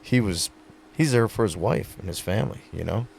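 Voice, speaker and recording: A low-pitched man with a gravelly, creaky voice tells stories earnestly in a relaxed podcast chat. He is a pro rodeo rider. A faint hiss sits behind the recording. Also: a little fast. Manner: earnest, storytelling, many fillers. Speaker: retiring pro rodeo athlete, guest. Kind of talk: casual podcast conversation.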